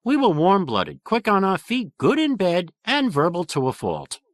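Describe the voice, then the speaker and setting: A cocky male dinosaur, as a man puts him on, nasal with a thick New York accent. His voice jumps high, and he delivers each line with boastful bounce. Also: wildly swooping pitch, normal speed, dry recording, clean studio sound. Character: brash, cheerful male dinosaur.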